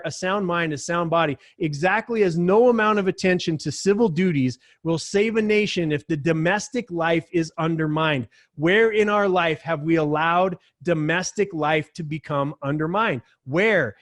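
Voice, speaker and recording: Host, male, fairly high-pitched; heated, profane opinion monologue. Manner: blunt, heated, swears often. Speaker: show host.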